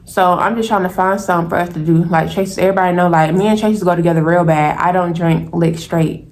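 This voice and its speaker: A young woman in her twenties telling a personal story to her viewers in a lively, casual way, calling them y'all. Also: lowish voice, fast talker. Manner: animated, talks straight to viewers as y'all.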